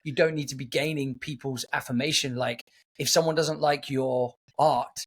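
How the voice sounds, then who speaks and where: A man hosting a casual podcast chat, an animated and chatty storyteller. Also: mid-range voice, normal speed, slightly rough. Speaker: podcast host.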